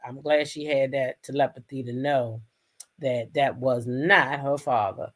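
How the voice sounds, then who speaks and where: A woman hosting a casual livestream, reacting to clips and thanking viewers in an animated, exclamatory way. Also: extremely low pitch, normal speed. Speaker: host.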